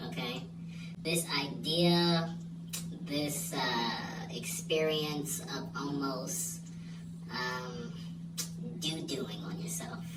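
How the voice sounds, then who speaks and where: A man's voice: a little high, recorded from a distance. A young man telling a funny story in a casual vlog monologue, laughing and checking in with the listener. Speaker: vlogger. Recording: echoey room, voice off-mic, clear hum. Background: steady hum.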